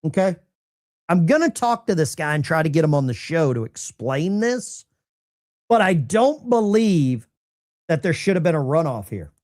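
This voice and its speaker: Man with a lively, swooping delivery. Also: on the high side, moderate pace. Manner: animated, incredulous, talks to the chat. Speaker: independent political commentator. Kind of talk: live-streamed political commentary.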